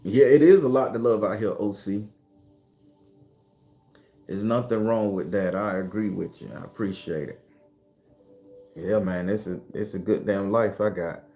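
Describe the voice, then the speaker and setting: A man hosting a casual livestream, talking loosely, cursing freely and answering viewer comments, sometimes breaking into loud, high ranting. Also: unhurried, pauses often, faint music behind. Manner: swings into loud, high-pitched ranting at times. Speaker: livestream host.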